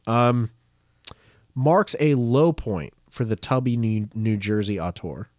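A man's voice: mid-range voice, slow, darkish tone, no echo, clean studio sound. A man co-hosting a podcast, running a quiz game and reading reviews aloud in casual, jokey banter.

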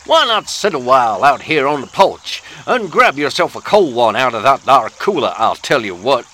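Give me a man playing a hospitable Southern American man with a drawl, bright and animated. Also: mid-range voice, normal speed. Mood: welcoming. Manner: drawling, neighbourly.

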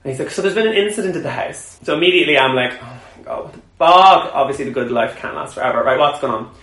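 Man, podcast co-host, rapid talker, lively storyteller, echoey room. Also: mid-range voice. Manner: animated, laughing storyteller. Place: room shared with two co-hosts around a table.

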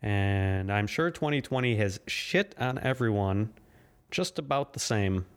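A man's voice: on the low side, lively intonation, unhurried, clean tone. Male solo podcast host, sarcastic and crude, rambling and caffeinated. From United States.

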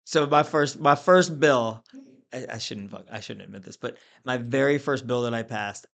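A man hosting a podcast, telling self-mocking stories from his years as a lawmaker in casual, animated conversation. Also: mid-range voice, normal speed, creaky. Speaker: podcast host, former legislator.

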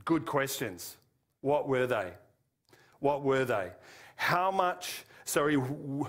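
A man's voice: mid-range voice, animated, takes it slowly, a bit bright. A man with an Australian accent giving an informal sermon, with frequent fillers and self-corrections. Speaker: preacher. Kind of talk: sermon teaching.

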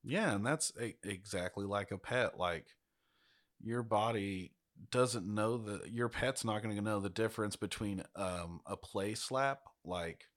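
A man's voice: lowish voice, measured pace, a bit bright. A man in casual conversation, talking earnestly, peppering his speech with "like" and casual swearing. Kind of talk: casual chat.

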